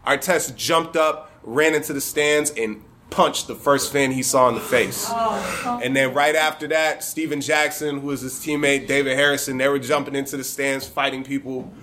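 Man from Michigan, live storyteller, bright edgy voice, loose and amused, swears freely. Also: medium pitch, normal speed, slight background noise. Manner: conversational, profane, amused.

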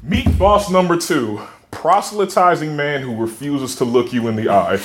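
A man's voice: fairly high pitch, expressive, normal speed. A young man telling a profane, self-mocking comic story to a live audience. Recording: echoey room with clear noise.

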